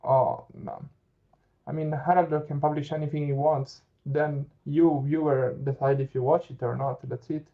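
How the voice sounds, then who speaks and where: An Italian man with a slightly high voice chats loosely through a muffled, lo-fi call. He laughs easily and reads out viewer questions as he goes. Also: little pitch movement, moderate pace, creaky. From Italy. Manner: chatty, reads viewer comments aloud, laughs often. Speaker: livestream host. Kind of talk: casual live chat.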